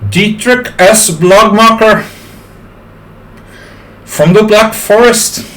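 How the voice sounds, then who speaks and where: A man's voice: high-pitched, extremely slow, a bit bright, pitched above the performer's own voice, exaggerated voice. A man voicing a goofy German blogger from the Black Forest, with a put-on German accent and a hammy, self-mocking delivery.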